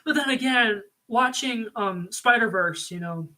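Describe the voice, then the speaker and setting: Man, casual review rant, sharp bright tone, filler-heavy, excitable, at home. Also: extremely high pitch, unhurried. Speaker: video reviewer. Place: home room.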